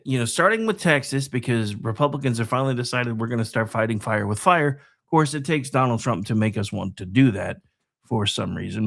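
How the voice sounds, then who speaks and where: A man hosting a political talk show, delivering a sarcastic, digressive commentary monologue that swings between loud and soft. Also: mid-range voice, vocal fry.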